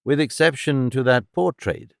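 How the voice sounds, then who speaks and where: A man voicing a sharp, brisk detective who lays out his deductions in a crisp, decisive way. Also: medium pitch, no echo, studio quality.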